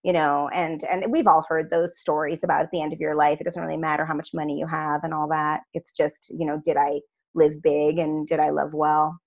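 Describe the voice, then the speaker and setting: Reflective low-pitched woman. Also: level tone, brisk, gravelly, muffled recording. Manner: earnest, reflective. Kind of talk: reflective conversation.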